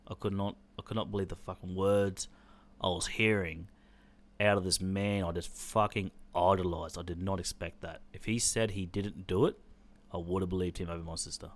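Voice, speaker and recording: A man's voice: low voice, steady tone, normal speed. An Australian man telling a personal story in an intense, blunt way, swearing freely.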